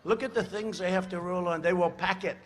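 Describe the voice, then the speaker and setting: A man's voice: high-pitched, fairly even intonation, fast talker. An older man in his seventies giving a rally speech at a podium mic, rambling with sarcastic asides and repeated phrases. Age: 70s. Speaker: political speaker at a rally. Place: outdoor rally.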